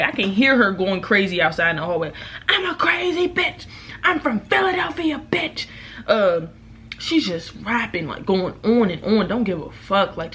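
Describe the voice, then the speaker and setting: A young woman vlogger, telling a storytime in casual, profane talk, loudly acting out what people said. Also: on the low side, slight background noise. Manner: animated, profane, acts out quotes loudly. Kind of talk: casual storytime while eating.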